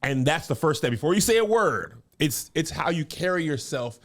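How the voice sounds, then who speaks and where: A man's voice: a little high, big pitch swings, normal speed, a bit bright. A man hosting a casual talk show, chatting playfully and mimicking voices while he tells stories. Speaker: podcast host. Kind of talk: casual chat.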